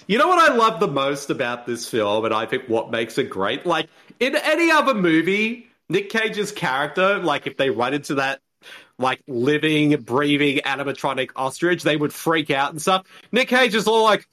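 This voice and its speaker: Man, podcast co-host, jokey movie commentary, bright voice, very lively pitch. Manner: animated, jokey, quick asides. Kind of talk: casual movie commentary chat.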